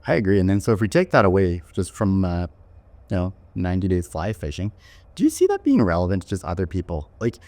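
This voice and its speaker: A man's voice: deep voice, wildly swooping pitch, fast talker, mellow, no echo. A man hosting a podcast interview, talking thoughtfully and tagging his points with "right?". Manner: thoughtful, many "right?" tags and restarts. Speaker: podcast host and company owner.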